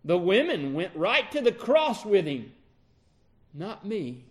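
A man's voice: high-pitched, very animated, takes it slowly, heavily acted. A male preacher voicing a grieving, remorseful apostle who pours out anguished self-reproach in a sermon.

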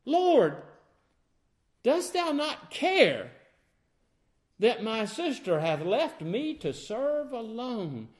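A man's voice: extremely high pitch, big pitch swings, extremely slow, long pauses, full character voice. A preacher acting out a fretful, overworked woman who scolds her guest for not helping. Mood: pleading. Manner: scolding, exasperated complaint.

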